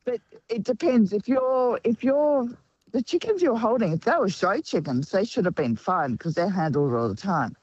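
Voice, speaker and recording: A woman's voice: mid-range voice, expressive, normal speed, a little mellow, breathy edge, dry recording, lo-fi sound. A woman co-hosting talkback radio, telling stories in a teasing way and laughing often. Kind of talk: casual talkback radio chat.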